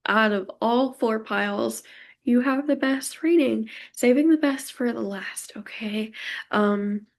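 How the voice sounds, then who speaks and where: A young woman gives a pick-a-card tarot reading, gushing and emotional as she addresses her viewers directly. Her voice is a little high with vocal fry, and she speaks slowly.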